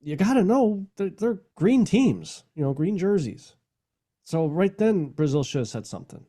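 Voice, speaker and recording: Co-host, man, mellow tone, casual, halting delivery. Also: high voice, big pitch swings. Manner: laughs often, halting restarts. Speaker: podcast co-host. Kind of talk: casual sports chat.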